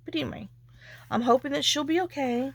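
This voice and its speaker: A woman's voice: high voice, fairly quick, creaky, dry recording. A woman chatting casually as a craft vlogger, telling a rambling, emotional story and sometimes dropping to near-whispers.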